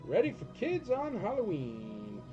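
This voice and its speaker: A man's voice: high voice, huge pitch swings, measured pace. A man hosting a live auction stream, rambling and joking with viewers between lots. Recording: dull lo-fi stream audio with loud music behind. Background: music.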